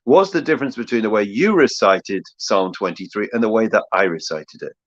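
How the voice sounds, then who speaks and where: A man's voice: on the low side, lively intonation, fairly quick, highs cut off. A man voicing a puzzled prize winner asking an old man for his secret. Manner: earnest, bewildered. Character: puzzled prize-winning young reciter.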